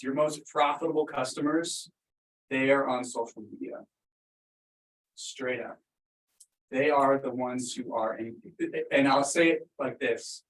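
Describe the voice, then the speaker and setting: A man's voice: mid-range voice, far from the mic, a little hiss or hum. A man giving a casual, upbeat talk to a live audience, with lots of fillers. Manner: upbeat and conversational, many fillers. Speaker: speaker at a business workshop. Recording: echoey room, voice from afar.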